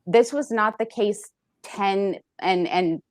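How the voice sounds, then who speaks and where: A woman's voice: mid-range voice, slow pace, no room sound, clean studio sound. A woman who works as a personal trainer, talking earnestly in a casual interview, often laughing and acting out what people said. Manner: earnest, laughing, acts out quoted voices. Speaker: personal trainer, podcast guest.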